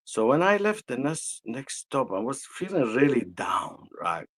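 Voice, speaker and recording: A man with an Arabic accent, an energy healer telling a personal story in conversation, slow and halting with frequent restarts. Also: medium pitch, big pitch swings, fairly bright tone, rough recording.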